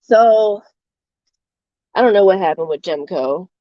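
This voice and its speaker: A woman's voice: medium pitch, expressive, measured pace. A young woman, chatting casually on a livestream from her bedroom, rambling with lots of fillers and a bit out of breath. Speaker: streamer. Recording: slightly dull dry sound.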